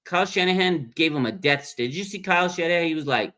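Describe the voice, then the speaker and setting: A man's voice: fairly high pitch, lively intonation, fast, sharp tone. A man hosting a casual fan livestream, talking bluntly and with animation, reading viewer comments aloud and reacting to them. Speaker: livestream host.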